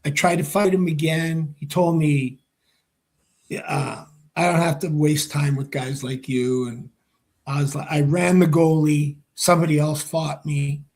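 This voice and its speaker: A man, a former hockey player and interview guest, telling a long story with lively acted-out dialogue and casual swearing. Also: on the high side, unhurried. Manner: animated storyteller, acts out quoted dialogue, swears freely.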